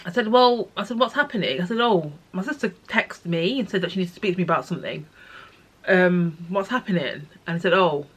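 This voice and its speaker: A young woman telling a personal story in her vlog, tearful and halting, with many pauses and restarts. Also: lowish voice, fairly bright tone, breathy edge. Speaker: vlogger.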